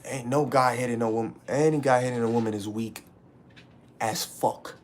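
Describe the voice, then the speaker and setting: In an emotional rant to his chat, a young livestreamer lets out his frustration, swearing and repeating himself as he vents. The voice is medium-pitched with fairly even intonation and a normal pace, over a little hiss or hum.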